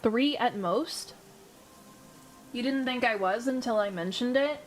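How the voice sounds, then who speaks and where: A woman's voice: fairly high pitch, a little slow. A young woman streamer from the American South, chatting casually with her viewers and thinking aloud. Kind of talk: casual chat with live viewers. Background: faint background music.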